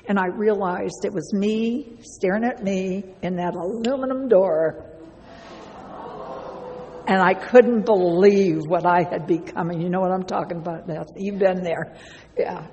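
A woman's voice: mid-range voice, dark tone. Woman telling her story in a reverberant hall. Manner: chatty, laughing, addresses listeners directly as "baby". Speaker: speaker sharing a recovery story. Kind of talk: personal testimony to a live audience.

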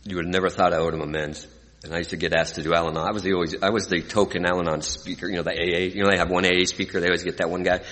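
Before a live audience, a forceful, low-voiced middle-aged man from California gives a personal testimony about his recovery, racing along. Earnest and emotional, he drops to a hush and then rises again into liveliness, his words ringing with the long reverb of a large hall.

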